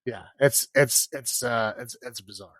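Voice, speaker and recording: A man's voice: medium pitch, a little slow, a bit bright, no room sound. A man co-hosting a podcast, casually recapping a film in a rambling way, full of filler words and laughs. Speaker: podcast co-host.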